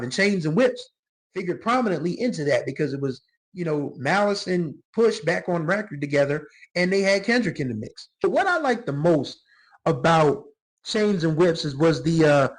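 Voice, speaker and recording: A middle-aged man with a scratchy throat hosting his own music channel, talking casually and reflectively about songs, now and then letting out a drawn-out "whew.". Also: on the high side, expressive. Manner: reflective, gets emotional, drawls exclamations like "whew". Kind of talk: casual solo music commentary.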